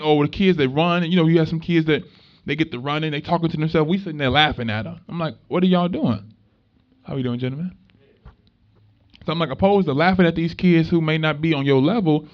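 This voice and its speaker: A young man giving a motivational talk to students, telling stories in an animated, conversational way with street slang. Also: fairly high pitch. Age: young adult. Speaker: motivational speaker. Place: room with a live student audience. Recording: dull lo-fi recording.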